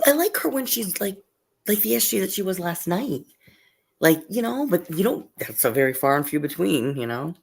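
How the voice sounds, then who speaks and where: A woman with a deep, gravelly, husky voice talks through casual stream gossip. She rambles, restarting her sentences and leaning on fillers like "you know" and "like." Her tone stays conversational throughout. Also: sing-song, moderate pace, a little mellow. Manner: rambling, restarts often, uses many fillers. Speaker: livestream co-host.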